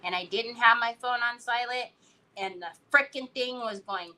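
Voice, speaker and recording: Chatty woman hosting a live craft stream, animated storytelling, bright and a bit high. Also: normal speed, rough recording. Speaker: craft livestream host. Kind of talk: casual chat while crafting live.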